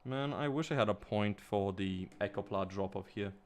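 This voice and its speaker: A man's voice: fairly low pitch, moderate pace. A man with an Eastern European accent, a non-native English speaker, chatting casually and swearing under his breath while building a model kit. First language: not English. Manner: mumbling, swearing, talking to himself.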